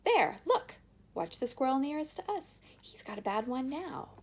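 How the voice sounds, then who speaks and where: A woman voicing a brisk, eccentric male chocolate maker who talks quickly and bossily. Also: high voice, very animated, breathy edge, pitched above the performer's own voice, exaggerated voice. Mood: eager. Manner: quick, bossy, triumphant.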